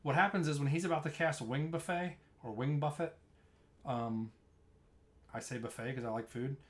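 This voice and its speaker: A streamer who explains raid tanking narrates a replay of his own gameplay, casually walking through tanking tactics. His medium-pitched voice is brisk and fairly bright, and he talks loosely, restarting often.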